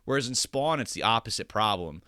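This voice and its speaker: A young man talking on a casual podcast, looping back through restarts and filler words as he goes. His voice is bright and forceful, and the recording is dry, with no room in it. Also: lowish voice, expressive, fairly quick, clean tone, no echo. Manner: rambling, many restarts and filler likes. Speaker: podcast co-host.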